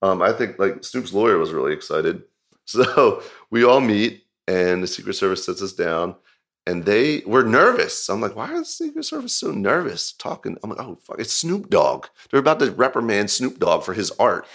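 A man with a deep, low voice tells a story in a casual interview. He rambles, with "like" scattered through every sentence, and laughs as he recounts the events. He directs music videos. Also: normal speed. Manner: rambling, filler-heavy storytelling with frequent "like"; animated, laughing retelling.

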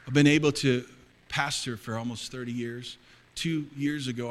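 A middle-aged male pastor preaching a sermon to a congregation, dropping to hushed confiding and rising to loud fervor. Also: mid-range voice, fairly even intonation, normal speed. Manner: swings between hushed, intimate confiding and loud, fervent preaching. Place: church hall before a congregation.

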